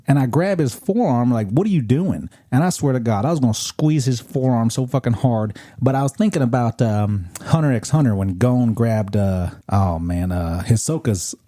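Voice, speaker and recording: A man's voice: mid-range voice, normal speed, hardly any pauses, dark tone, dry recording, studio quality. A man in his thirties co-hosting a podcast, telling a story in a loose, profane way with frequent restarts. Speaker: podcast co-host. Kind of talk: casual chat.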